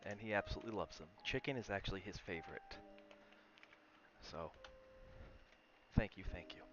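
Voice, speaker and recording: A man's voice: sits low, moderate pace, highs cut off, music in the background. A man streaming from home, chatting casually with viewers, coaxing his dog and reading aloud.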